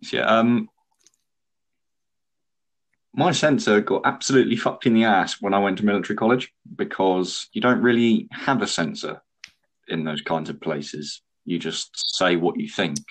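A man's voice: on the low side, normal speed. A young man in casual chat, blunt, swearing freely and laughing often.

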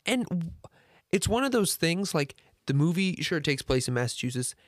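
A man's voice: on the high side, big pitch swings, normal speed, no room sound, clean studio sound. A man co-hosting a podcast, rambling in casual chat and sounding exasperated about a film's flaws, with many restarts. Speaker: podcast co-host. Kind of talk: casual movie review chat.

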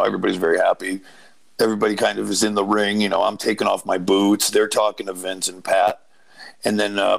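Gravelly-voiced man telling long stories. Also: fairly low pitch, poor audio. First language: Portuguese. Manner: rambling, many fillers and asides. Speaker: guest, former wrestler. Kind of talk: casual storytelling.

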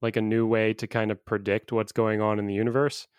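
A man's voice: fairly low pitch, flat delivery, a little fast, clear, resonant tone, no echo. A man co-hosting a casual podcast chat, musing aloud and laughing often. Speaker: podcast co-host.

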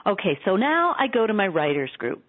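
A woman author telling stories in an earnest, animated way in a radio interview. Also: medium pitch, brisk, breathy edge. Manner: earnest, animated storytelling with quoted dialogue. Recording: tinny phone line.

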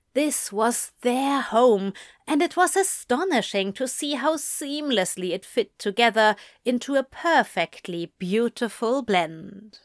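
Slow expressive woman reading a story. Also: on the high side, dry recording, clean studio sound. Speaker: narrator. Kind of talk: audiobook fiction reading.

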